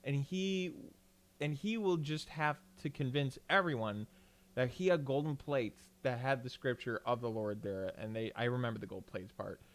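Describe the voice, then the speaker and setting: Streaming from home, a young man with a medium-pitched voice talks at normal speed, rambling casually between game moments. He swears a lot, says "like" constantly, and keeps restarting his sentences.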